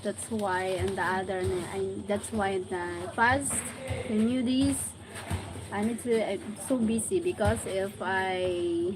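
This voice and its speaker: A Filipino-accented woman hosting a casual live stream, speaking halting English mixed with Tagalog fillers. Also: mid-range voice, background noise. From Philippines.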